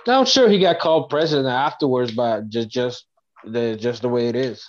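Man, podcast co-host, halting speech with restarts, dull lo-fi remote line. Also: mid-range voice. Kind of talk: casual podcast banter.

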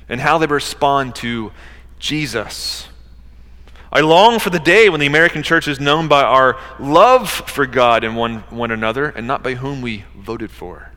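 A man's voice: mid-range voice, animated, measured pace, bright, forceful tone, long reverb tail. A middle-aged male pastor preaching a sermon, with rising emphasis and rhetorical questions.

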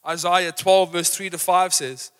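Man, live sermon, energetic and rousing, bright high voice, church hall reverb. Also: a little slow, clear, resonant tone. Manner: energetic, rousing, acts out examples. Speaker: preacher. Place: church auditorium.

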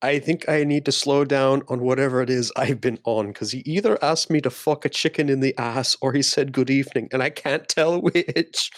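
A laid-back man playing his character in a tabletop game, playful and easygoing. His voice sits at an ordinary pitch. The sound is dry and close. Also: moderate pace, few pauses, dry recording. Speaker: player.

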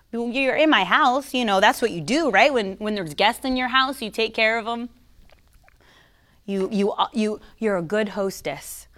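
A Christian teacher with a fairly high voice gives an informal livestream faith teaching directly to her followers at a moderate pace. Relaxed and conversational, she stresses her points hard and now and then turns mocking. Between thoughts she pauses to sip coffee.

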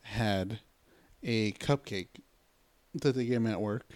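A man co-hosting a podcast, telling a story in casual chat, repeating himself and trailing off into a low mutter. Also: slow pace, a little mellow, dry recording.

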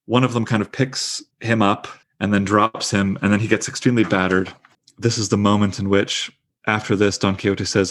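A man's voice: lowish voice, flat delivery, normal speed, fairly bright tone. A man teaching a literature class, talking in an enthusiastic, conversational way with fillers. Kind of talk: lecture and discussion.

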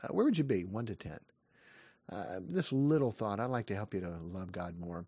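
A man in his fifties giving a short devotional sermon, earnest and lively, asking questions and answering them. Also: lowish voice, no room sound, studio quality. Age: 50s. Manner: earnest, lively preaching with rising questions and quick asides. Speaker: pastor.

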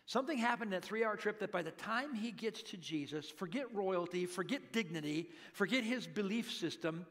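A middle-aged male pastor preaching a sermon, dramatically acting out pleading voices and hushed prayers. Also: high voice, expressive, fairly quick, hardly any pauses.

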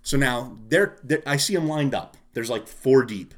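A man with an ordinary mid-range voice rants through an angry story. He swears a lot and stays animated as he chats with a friend. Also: medium pitch, normal speed. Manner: profane, animated ranting. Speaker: storyteller in a casual chat. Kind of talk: casual chat.

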